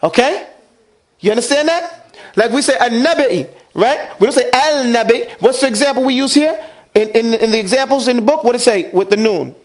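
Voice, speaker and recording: A man's voice: very high-pitched, animated, a little fast. A man teaching Quran recitation in a classroom, asking questions and having the students repeat after him. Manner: asks the class questions and drills them to repeat. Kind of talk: classroom lesson.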